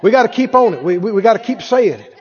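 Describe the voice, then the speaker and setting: A man's voice: sits high, lively intonation, quick pace, slightly rough, some chatter behind. A man preaching a sermon as pastor, with fervent, repeated declarations. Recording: dull sound in a reverberant hall.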